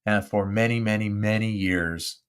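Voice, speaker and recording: Hosting his own live podcast, an older Southern Californian man speaks close to a studio mic fitted with a windscreen. The tone is clean and the pace normal, and his slightly low voice keeps the casual chat animated and self-deprecating.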